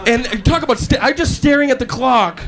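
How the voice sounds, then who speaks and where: Hyper high-voiced male stand-up comic. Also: fairly quick, noisy background. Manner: animated, hyper, bursts into shouting while acting out scenes. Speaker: stand-up comedian. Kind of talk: stand-up comedy. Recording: live show with crowd laughter.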